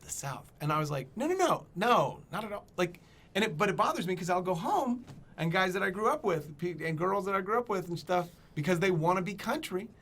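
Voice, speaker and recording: Comedian host from Kansas, male, high voice, lively storyteller who mimics people. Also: a little fast. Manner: animated storyteller, acts out voices of others. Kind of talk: casual chat.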